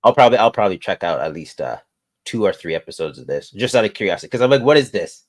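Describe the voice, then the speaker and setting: A man co-hosting a toy news show in casual chat, relaxed, laughing often and trailing off. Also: lowish voice, fast.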